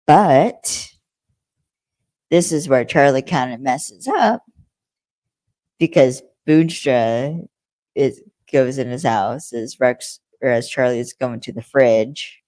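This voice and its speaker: A woman's voice: rumbling low, slow pace, long pauses, darkish tone, dry recording, low-quality recording. A young woman co-hosting a podcast, retelling a TV episode's plot in a rambling, chatty way with frequent fillers. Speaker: podcast co-host. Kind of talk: casual episode recap chat.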